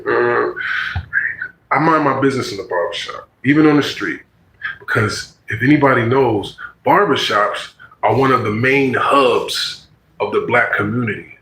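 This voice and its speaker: A man's voice: mid-range voice, moderate pace, a bit bright, echoey room, rough recording. A man in his forties telling a personal story in casual, slangy talk, acting out the voices he quotes.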